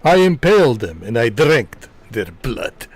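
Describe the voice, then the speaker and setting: A man voicing a boastful, menacing male vampire count in a slow, theatrical way while joking on a game stream. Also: medium pitch, sing-song, breathy edge. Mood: grandiose.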